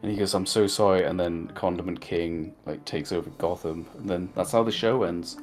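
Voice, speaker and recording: A man's voice: low-pitched, steady tone, normal speed, darkish tone, faint music behind. A man co-hosting a casual review chat, rambling through jokey recaps with lots of fillers. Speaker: podcast co-host.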